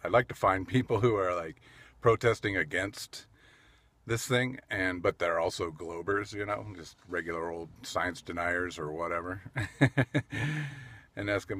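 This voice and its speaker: A man with a lowish voice rambles to his handheld camera in a city park. His talk is loose and chatty, with little laughs and restarts. The sound is dry and close, with no room around it. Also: a little slow, fairly bright tone, no echo. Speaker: vlogger doing street interviews. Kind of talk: casual rambling vlog talk. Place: outdoors in a city park at a rally.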